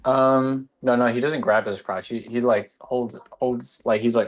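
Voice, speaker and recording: A man's voice: medium pitch, fairly even intonation, moderate pace, faint music behind. A man co-hosting a football podcast, speaking casually and frankly with hesitant restarts. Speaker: co-host.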